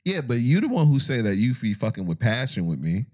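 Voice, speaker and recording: A man teases his co-host on a casual late-night podcast, his pitch swinging wildly up and down. He tosses off dry jabs. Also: a little fast. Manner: teasing, deadpan jabs, laughs a lot.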